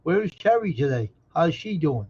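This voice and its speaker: A man's voice: on the high side, big pitch swings, moderate pace, darkish tone, slightly rough. A man hosting a casual live stream from home, chatting with viewers, greeting them by name and grumbling and cursing at his earbuds and phone. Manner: grumbling, curses at his gear. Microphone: earbuds linked to phone. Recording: dull lo-fi stream audio.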